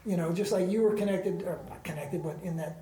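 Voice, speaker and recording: In an ashram, a man with a high-pitched, brisk, warm voice gives an informal spiritual class, speaking casually and emphatically and posing rhetorical questions. A faint hiss or hum sits under the recording, and the room has a roomy echo.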